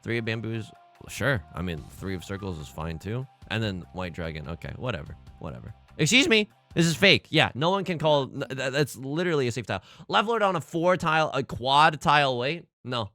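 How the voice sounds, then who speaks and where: Lively sarcastic young man commentating a game. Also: medium pitch, brisk, no room sound, faint music behind. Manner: sarcastic, self-mocking, theatrical outbursts. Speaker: let's play host.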